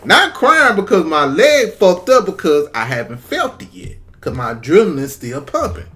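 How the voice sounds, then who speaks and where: A man in his forties casually telling a personal story to camera, profane and lively, acting out the voices of people in it. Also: high-pitched, moderate pace. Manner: animated, profane, acts out quoted voices. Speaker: storyteller vlogger.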